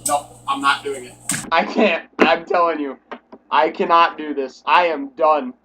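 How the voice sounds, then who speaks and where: A man's voice: fairly high pitch, a little slow, far from the mic, background noise. A man giving nervous, joking commentary while he plays a horror game. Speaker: gaming channel host. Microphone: distant from the mic. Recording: echoey room, voice off the mic.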